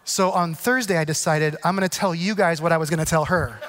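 A man who is a pastor, telling a self-deprecating story in his sermon and then turning earnest and unhurried. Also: a little high, fairly bright tone, slight background noise.

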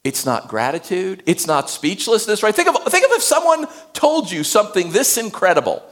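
A male pastor giving a sermon, animated, swinging between loud emphasis and hushed tones. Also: sits high, normal speed.

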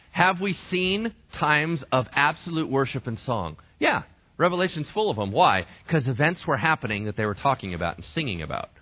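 Animated preaching man, lively pitch. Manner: animated, conversational preaching with rhetorical questions. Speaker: pastor. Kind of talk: sermon. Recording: dull lo-fi dry recording.

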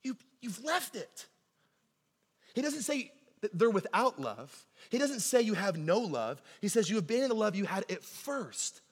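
A man preaching a sermon in a church, telling stories in a lively, conversational way and often asking "right?". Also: sits high, moderate pace, breathy edge. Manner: animated conversational storytelling, keeps asking "right?". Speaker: pastor. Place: church sanctuary. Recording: long hall reverb in a church.

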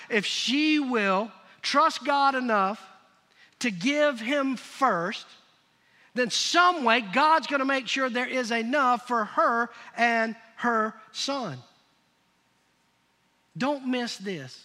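A male pastor with a very high, bright and forceful voice delivers an emphatic sermon. He keeps pressing his listeners to answer him aloud. His words ring out with the long reverb of a large church hall. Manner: emphatic, prods the congregation to call out answers.

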